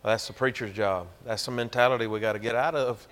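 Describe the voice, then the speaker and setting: A man's voice: mid-range voice, steady tone, fast talker, a bit bright. A man with a Georgia Southern accent, preaching a sermon as a pastor and telling a story in a folksy, emphatic way. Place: church.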